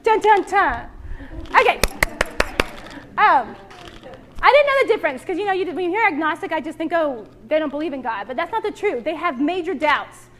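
A woman's voice: very high-pitched, moderate pace, pauses often, slight background noise. A woman preaching to a women's church gathering, joking and acting out little voices as she goes. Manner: animated, jokey, acts out voices. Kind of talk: sermon.

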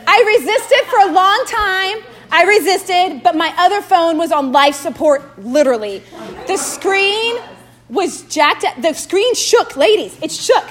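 A woman's voice: very high-pitched, animated, unhurried. A woman preaching and praying fervently to a women's gathering, recorded on a phone held in her hand in a church room. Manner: fervent, drops to hushed prayer, laughs easily. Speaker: women's ministry speaker. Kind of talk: sermon and prayer. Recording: echoey room, phone mic.

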